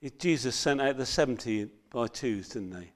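A man preaching a sermon, earnest and reading scripture with loud emphasis. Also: mid-range voice, lively intonation, moderate pace.

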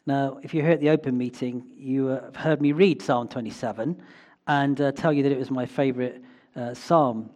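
A preacher man delivers a sermon in a church. His voice sits at a plain middle pitch. He talks in a reflective way and often pauses on small fillers. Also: fairly even intonation, darkish tone.

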